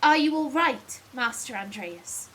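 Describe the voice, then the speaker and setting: A woman's voice: high voice, expressive, a little slow, a bit bright, a little hiss or hum, rough recording. A woman voicing a polite young male apprentice in a game with a posh manner. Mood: concerned.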